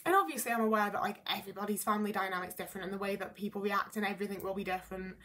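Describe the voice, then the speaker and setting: A woman's voice: mid-range voice, very fast, a bit bright. A young woman talking candidly to camera in a casual vlog, rambling and filling her speech with "like". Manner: candid, rambling, frequent "like" fillers. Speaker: YouTuber.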